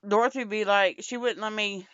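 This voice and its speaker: A woman's voice: mid-range voice, fairly even intonation, moderate pace, a bit bright, no echo, highs cut off. A young woman in casual, candid chat, blunt and rambling, swearing a lot. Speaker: podcast co-host.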